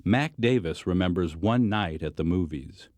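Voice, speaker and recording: A man narrating a documentary in a scripted, measured way. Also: deep voice, animated, a little mellow, no room sound.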